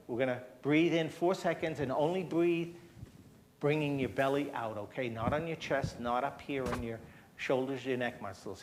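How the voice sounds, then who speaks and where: A man's voice: medium pitch, moderate pace, a little mellow, a little hiss or hum. A man presenting at a health seminar, explaining a breathing technique step by step and checking in with the audience with a frequent "okay?". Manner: demonstrates breathing, coaxes audience to join. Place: church hall.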